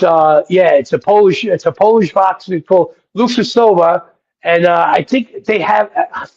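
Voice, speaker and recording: High raspy dude cussing his way through road stories, kinda muffled lo-fi sound. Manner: profane, excited, rambling anecdotes. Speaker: guest rapper. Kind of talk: casual interview storytelling. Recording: dull lo-fi audio.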